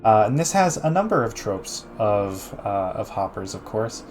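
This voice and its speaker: A man's voice: on the low side, very animated, normal speed, a little mellow, soft background music. Chatty man giving a gallery talk. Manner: chatty, frequent restarts and fillers, laughs easily, reads chat aloud. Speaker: streamer guiding an art gallery tour. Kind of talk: casual live-stream art talk.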